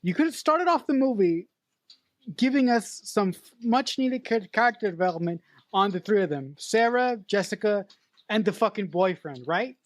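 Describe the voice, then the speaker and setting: A woman's voice: medium pitch, lively intonation, normal speed, no echo. A woman co-hosting a podcast, giving an emphatic, profane critique of a movie in casual chat. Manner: emphatic, critiquing, swears freely. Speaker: podcast co-host.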